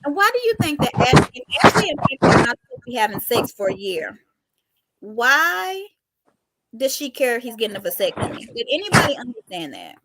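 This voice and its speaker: Animated high-voiced woman hosting a recap chat. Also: a little fast, very noisy. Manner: chatty, laughs often, jumps between topics. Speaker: host of a reality TV recap show. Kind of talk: casual chat.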